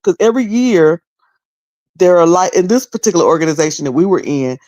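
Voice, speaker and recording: A woman's voice: lowish voice, expressive, brisk, dark tone, no echo. A middle-aged woman giving loose, candid commentary on a video, rambling and often repeating herself. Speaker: online commentator.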